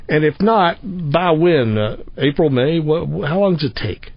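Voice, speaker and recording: A man's voice: a little high, lively intonation, measured pace, creaky, dry recording. A man hosting a radio interview, talking in a rambling, folksy, joking way. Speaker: radio host. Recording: slightly muffled radio sound.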